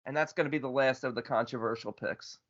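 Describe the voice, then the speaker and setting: A man co-hosting a horror movie podcast, talking in an excitable, casual way, swearing freely and restarting his sentences. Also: medium pitch, quick pace, dull audio. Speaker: podcast co-host. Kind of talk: casual chat.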